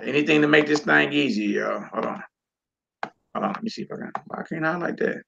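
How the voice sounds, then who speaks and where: A man teaching a Hebrew reading class in a relaxed, informal way, talking to students while he works the screen. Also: fairly high pitch, fairly quick, creaky, noisy background. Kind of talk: casual online class lesson. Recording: lo-fi recording.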